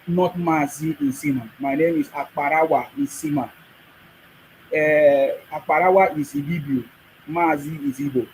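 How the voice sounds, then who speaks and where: A man's voice: a little high, steady tone, normal speed, a little mellow, a little hiss or hum, low-quality recording. A man with a Nigerian accent, from Akwa Ibom, giving an emphatic casual monologue, repeating phrases and often laughing. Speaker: vlogger.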